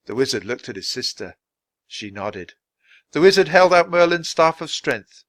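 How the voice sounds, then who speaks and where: A man reading a children's storybook aloud, slowly and deliberately for English learners. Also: a little high, very animated, fairly bright tone, dry recording. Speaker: storybook reader.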